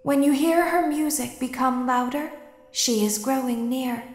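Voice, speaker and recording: Calm eerie robot girl. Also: high-pitched. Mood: instructive. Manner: calm, measured, coolly curious. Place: game soundtrack heard through a let's play. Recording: echoey hall reverb on game audio.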